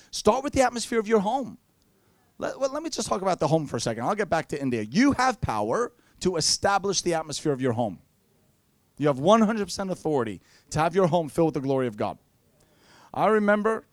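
High-voiced preacher man, dry sound. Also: no room sound. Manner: playful storytelling with acted-out quotes. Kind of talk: sermon.

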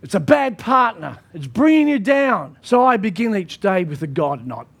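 A man's voice: sits high, very animated, normal speed, gravelly. A man pastor preaching a sermon in an emphatic style, often repeating his phrases.

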